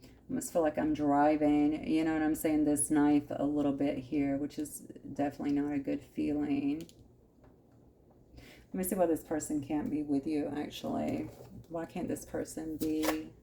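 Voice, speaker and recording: Low-voiced woman giving a tarot reading. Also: little pitch movement, normal speed, gravelly, dark tone, a little hiss or hum. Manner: conversational, musing aloud, frequent asides. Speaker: tarot reader.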